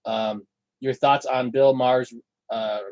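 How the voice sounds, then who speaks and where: A man's voice: mid-range voice, steady tone, slow, a little mellow, dry recording, low-quality recording. A man co-hosting a casual livestream, reading out viewer questions hesitantly with many fillers.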